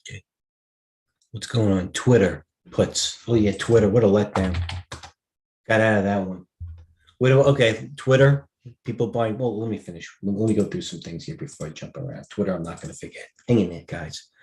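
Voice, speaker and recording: A man's voice: lowish voice, a little fast, darkish tone, reverberant. A man in his fifties hosts a live stock trading stream, talking through charts in a rambling, offhand way and often breaking off mid-sentence. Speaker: stock market host.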